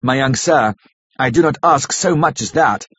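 A man voicing a grave, kindly older professor who speaks in solemn, formal, halting phrases. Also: medium pitch, fairly bright tone, breathy edge, dry recording. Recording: dull lo-fi recording.

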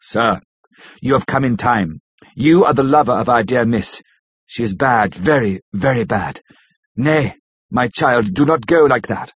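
A man playing a grave old professor, husky and solemn. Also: medium pitch, lively intonation, dry recording. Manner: solemn, halting, formal old-fashioned phrasing. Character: grave older male professor, kindly and commanding. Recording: dull lo-fi recording.

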